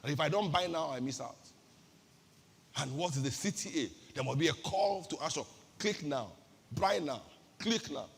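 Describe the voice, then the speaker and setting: A woman's voice: deep voice, expressive, normal speed, gravelly, long pauses, slightly rough, in a large hall. A woman pastor with a Nigerian accent giving an emphatic sermon-style talk, firing off rhetorical questions and repeating her key phrases.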